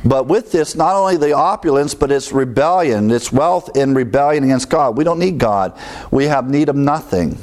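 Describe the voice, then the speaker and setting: A man's voice: medium pitch, lively intonation, moderate pace, a little mellow. Guy preaching a bible lesson, chatty, lots of asides, chuckles to himself. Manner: conversational, with fillers and asides, chuckles at own remarks. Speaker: pastor. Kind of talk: Bible teaching sermon.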